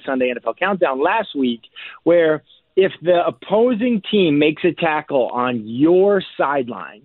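A man's voice: fairly high pitch, no room sound. Man talking football over a tinny phone line. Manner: energetic, explains plays step by step, chuckles between points. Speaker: former player turned football analyst, radio guest. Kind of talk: casual radio interview analysis. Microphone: phone call.

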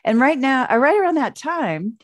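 A woman's voice: high voice, big pitch swings, normal speed, no echo, studio quality. A woman coach, a guest in an interview, telling stories in a chatty way full of fillers and restarts. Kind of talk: casual storytelling interview.

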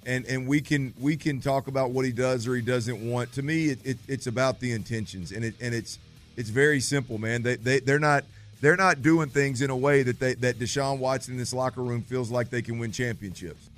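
A man's voice: mid-range voice, fairly quick, soft background music. A man co-hosting sports talk radio, making emphatic, impassioned arguments.

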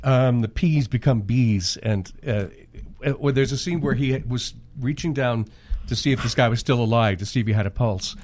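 A man's voice: medium pitch, moderate pace, darkish tone, slight background noise. A man, a voice actor guest, telling rambling anecdotes on a podcast. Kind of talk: casual podcast storytelling.

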